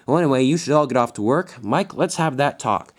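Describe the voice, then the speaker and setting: A man puts on a firm, lively voice for a stern middle-aged railway boss. He announces and scolds in a businesslike way, pausing on his words. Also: medium pitch, close to an everyday voice.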